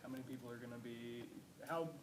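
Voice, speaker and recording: A man's voice: medium pitch, steady tone, fast. A man in the audience giving brief answers from his seat. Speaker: seminar audience member. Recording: far from mic in an echoey room with loud noise.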